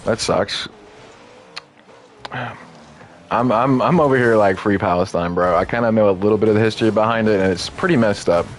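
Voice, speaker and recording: A man's voice: fairly low pitch, moderate pace, long pauses, a little hiss or hum. A man streaming a game, chatting loosely and rambling with lots of filler words. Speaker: gaming streamer. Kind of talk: casual live-stream commentary.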